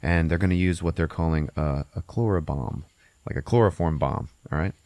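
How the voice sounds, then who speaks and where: Brief: deep-voiced male podcast host, swearing casual movie recap. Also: a little fast, dry recording. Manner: profane, laughing, animated storyteller.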